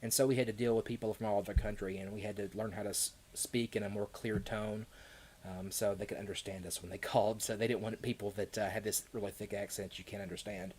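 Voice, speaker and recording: Man, Kentucky accent, low-ish voice, rambling live-stream chat, laughs a lot. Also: flat delivery, fast talker, darkish tone, a little hiss or hum. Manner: rambling, chatty, laughs often, fillers. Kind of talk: casual live chat answering viewers.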